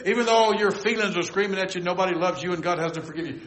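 A man preaching a sermon with fervor, dropping to soft asides and rising to loud exclamations. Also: sits high, steady tone, fast talker, hardly any pauses, reverberant, poor audio. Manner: fervent, swings from soft to loud.

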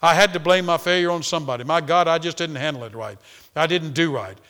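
A man's voice: on the high side, quick pace. A man preacher voicing an angry male pastor who turns to sobbing pleas for forgiveness. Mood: sobbing remorse. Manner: shouting accusations, then sobbing pleas.

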